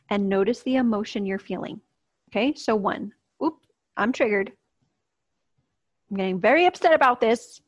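A woman's voice: on the high side, slightly rough, no echo. A woman coach teaching an online course lesson in a casual, upbeat way, speaking straight to her viewers. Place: outdoors, near a street. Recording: dull, slightly lo-fi dry sound.

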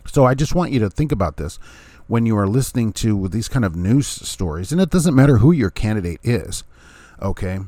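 A man with a fairly low voice talks in a loose, unscripted rant, firing off rhetorical questions and briefly acting out what other people say. The sound is dry and close, with almost no room in it. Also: animated, brisk, mellow, no room sound. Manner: ranting, rhetorical questions, chuckles, acts out others' words. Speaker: vlogger, former third-party candidate. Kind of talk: casual opinion monologue.

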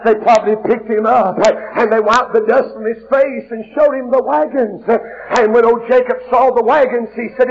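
A man preaching a sermon, retelling a story with impassioned shouts and quiet, hushed passages. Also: very high-pitched, steady tone, normal speed, gravelly. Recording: muffled lo-fi recording with faint hiss.

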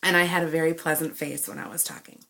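Woman, casual storytelling rant, bright voice, animated delivery. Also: low-pitched, fast talker, creaky. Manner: animated, acts out both sides of the exchange.

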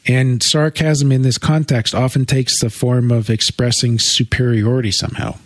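A man's voice: mid-range voice, little pitch movement, moderate pace, no room sound. A man co-hosting a podcast, explaining earnestly in casual chat with wry jokes. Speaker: podcast co-host.

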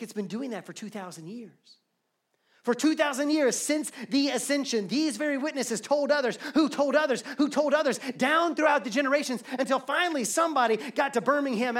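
A man's voice: very high voice, a little fast, a bit bright. A man preaching a sermon as pastor to a live congregation, earnest and building his points through repetition. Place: church sanctuary, live service.

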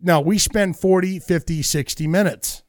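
A man's voice: high-pitched, no echo, studio quality. A man co-hosting a podcast, chatting casually with frequent swearing and joking. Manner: profane, drawn-out, joking. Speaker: podcast co-host. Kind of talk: casual chat.

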